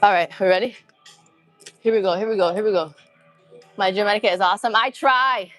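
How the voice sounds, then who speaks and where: A woman's voice: mid-range voice, a little fast, fairly bright tone, soft background music. A woman livestreaming her workout from an empty gym, chatting in a hyped, slangy way and greeting her viewers. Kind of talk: casual livestream chat while working out.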